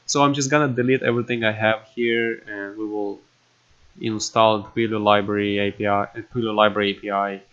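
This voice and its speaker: A man at his computer walking through a coding tutorial, halting and filling pauses with "you know" and "um". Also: on the low side, flat delivery, a bit bright, clear, resonant tone. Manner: halting, with many fillers and restarts. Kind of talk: casual screen-recorded coding tutorial. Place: at a computer indoors. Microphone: desktop microphone. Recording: dull lo-fi desk mic.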